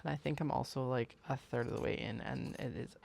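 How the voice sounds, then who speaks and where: Casual sewing-stream host, gravelly fry, rambling and chatty. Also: medium pitch, steady tone, a little fast, darkish tone. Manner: rambling, chatty, full of "like" and restarts. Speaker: bag maker and livestream host. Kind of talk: casual livestream chat while sewing. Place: home sewing studio.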